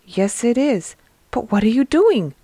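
An eager, emphatic shepherd man , read by a woman in a devotional storybook reading. The words come slowly and urgently, and the recording is dry and close. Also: fairly high pitch, very animated, dark tone, breathy edge, no echo, voice pushed up, full character voice. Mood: excited. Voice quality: read aloud in narrator's own voice. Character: excited male shepherd disciple, eager.

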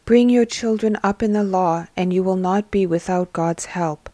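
A woman voicing a compassionate male teacher who speaks gently and firmly to the poor. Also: high-pitched, no room sound, lightly acted. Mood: gentle. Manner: gentle, measured, firm.

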